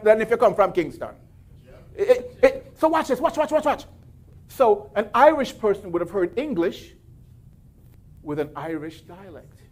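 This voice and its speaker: Animated high-voiced preacher man. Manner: animated preaching with scripture readings and asides. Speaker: pastor. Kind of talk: sermon.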